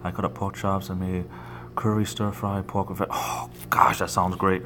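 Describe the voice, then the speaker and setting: East Coast guy, casual livestreamer, rambling and answering viewers, phone mic, loud background noise. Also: deep voice, little pitch movement, brisk. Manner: chatty, rambling, reads and answers chat. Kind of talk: casual livestream chat while working. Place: large building at work, walking around.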